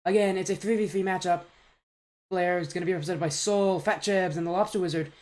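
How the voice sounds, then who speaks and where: Providing live game commentary on a stream, an esports caster and host keeps things upbeat, cracking self-mocking jokes over a home mic on a voice call. He speaks fast in a high, steady voice that's a little mellow.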